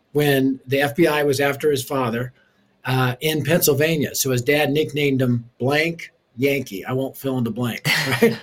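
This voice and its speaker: A man in an interview, telling his life story in an animated, storytelling way. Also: a little high. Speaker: ministry leader and author.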